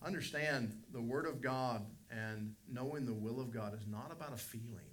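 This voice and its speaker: A man's voice: medium pitch, normal speed, a little hiss or hum. A middle-aged man, a pastor, preaching a Sunday school lesson with emphatic swells of volume on key phrases.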